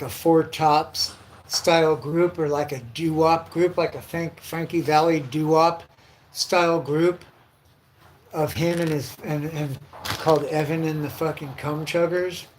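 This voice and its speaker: A man's voice: fairly high pitch, steady tone, a little slow, a little hiss or hum. A man hosting his own livestream, telling loose run-on stories packed with cursing. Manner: heavy profanity, loose run-on storytelling. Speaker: livestream host. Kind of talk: casual rambling livestream rant.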